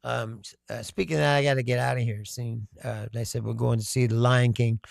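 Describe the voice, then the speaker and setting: A man's voice: medium pitch, fairly even intonation, moderate pace, creaky, a little mellow, no echo, clean studio sound. An American man hosting a casual political livestream, reading chat comments aloud, swearing freely and laughing often. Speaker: livestream host.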